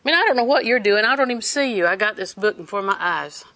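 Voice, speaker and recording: Older female preacher, bright tone, lively anecdotal sermon delivery. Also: medium pitch, fast. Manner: storytelling, animated, laughs while preaching.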